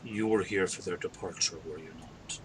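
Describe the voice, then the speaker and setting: A man playing a measured adventurer in a tabletop game, speaking slowly and deliberately. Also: low-pitched, noisy background, close to an everyday voice. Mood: probing.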